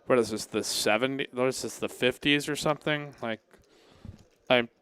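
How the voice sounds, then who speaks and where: A man's voice: medium pitch, normal speed, fairly bright tone, clear, resonant tone. Chatty male poker commentator, rambling. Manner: rambling, chatty, swears casually. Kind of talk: live commentary and chat reading.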